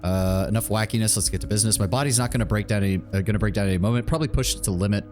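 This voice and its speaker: A man's voice: lowish voice, rapid-fire, hardly any pauses, darkish tone, soft background music. A man streaming a video game, commenting casually and jokingly, swearing and reading choices aloud. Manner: casual, swearing, jokey, reads options aloud. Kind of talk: gameplay commentary.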